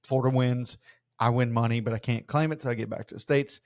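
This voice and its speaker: A man's voice: mid-range voice, fairly even intonation, quick pace, no room sound, studio quality. A young man from South Louisiana with a local accent, telling loose, profane stories in casual podcast chat. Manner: loose, profane storytelling with many restarts. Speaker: podcast co-host.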